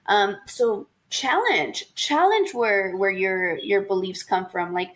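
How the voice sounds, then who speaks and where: A woman's voice: mid-range voice, takes it slowly. A young woman co-hosting a podcast in casual chat, telling stories, acting out quoted voices and swearing freely. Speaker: podcast co-host.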